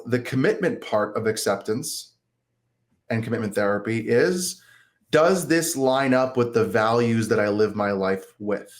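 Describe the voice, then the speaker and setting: A man of middle pitch talks like a therapist in a relaxed interview. He explains in a loose, conversational way and slips into lively quoted self-talk to make his points. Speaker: therapist guest.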